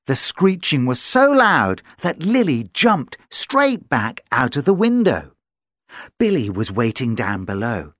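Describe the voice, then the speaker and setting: Animated storybook reader, sing-song lilt. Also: mid-range voice, slow pace, no echo, studio quality. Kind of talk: children's story read-aloud.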